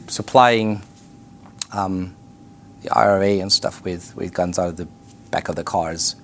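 Animated man telling mission stories. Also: medium pitch. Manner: animated storyteller, acts out quoted voices, frequent restarts. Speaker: ministry school teacher. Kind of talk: classroom sermon-style teaching with stories.

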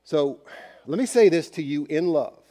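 A male pastor preaching in a casual, direct way, as if chatting with the people in the pews. His voice sits a little high for a man. The sound rings with the long reverb of a church sanctuary. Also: lively intonation, moderate pace, warm tone. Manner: conversational, speaks straight to the congregation. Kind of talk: sermon.

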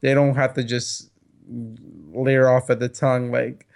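This podcast co-host has a mid-range, darkish voice with vocal fry, keeping a level tone and measured pace. He rambles casually, his speech full of fillers and swearing.

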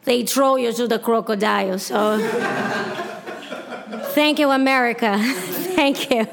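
Brazilian lady doing standup, high voice, slow deadpan delivery, crowd laughing all around. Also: creaky. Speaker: stand-up comedian. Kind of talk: stand-up comedy set. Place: live comedy stage with audience laughing. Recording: live room with crowd laughter. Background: audience laughter.

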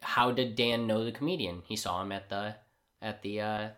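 A man co-hosting a podcast in casual chat, retelling a comic book's scenes with animated asides and acted-out lines. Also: lowish voice, moderate pace. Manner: animated storyteller who acts out characters' lines. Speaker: podcast co-host.

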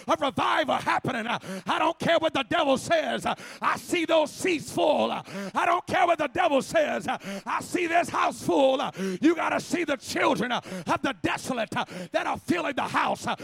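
A man preaching in a church, shouting in a rhythmic, chanted style with a huffing "uh" at the start of each phrase. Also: very high-pitched, no room sound. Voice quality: raspy, gravelly voice. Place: church sanctuary.

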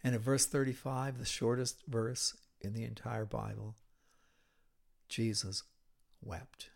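A man preaching a sermon, retelling a scripture story dramatically with hushed, whispered moments. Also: mid-range voice, steady tone, moderate pace, creaky.

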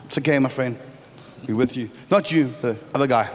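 A man's voice: medium pitch, brisk, a little hiss or hum. A middle-aged man from South Africa preaching a sermon in a large church, joking and quizzing the congregation. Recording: church hall reverb with faint music.

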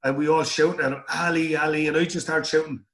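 A man's voice: a little high, flat delivery, quick pace, a bit bright. A middle-aged Irish man telling stories in an interview, rambling and repeating words as he goes. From Ireland. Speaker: guest. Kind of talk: storytelling interview.

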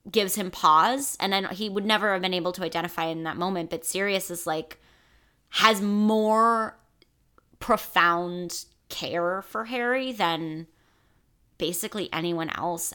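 Bright, chatty woman podcast host. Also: mid-range voice, unhurried, clean tone. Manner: chatty, lots of "like" fillers. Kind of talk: casual chat.

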